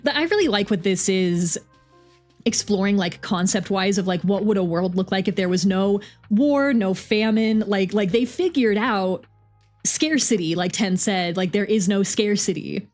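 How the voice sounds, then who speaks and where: A woman's voice: medium pitch, lively intonation, normal speed, a little mellow, soft background music. A young adult woman streamer musing aloud in a chatty, filler-heavy way between story readings.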